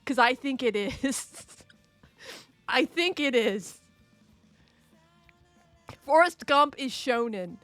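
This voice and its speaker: A woman's voice: high-pitched, animated, drawn-out words, pauses often, fairly bright tone, no room sound, soft background music. A woman streaming live, chatting casually and playfully, rambling, laughing often and answering her chat.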